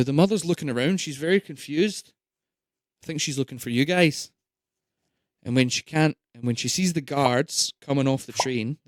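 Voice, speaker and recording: A man runs a tabletop game in a loose, chatty way, tossing in fillers and checks with his players. His voice sits at a middling pitch. The sound is dry and close to the mic. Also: dry recording. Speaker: game master.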